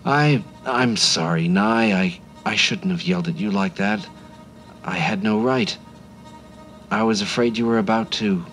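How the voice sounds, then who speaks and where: A man voicing Mister Ackerman, a troubled grown man who bursts out in a high booming yell, then apologizes. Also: unhurried, soft background music. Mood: apologetic. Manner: sudden booming outburst, then shaky apology.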